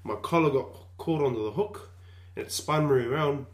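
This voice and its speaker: A man's voice: medium pitch, normal speed. A man telling childhood stories in casual chat, laughing and swearing casually. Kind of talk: casual storytelling among friends.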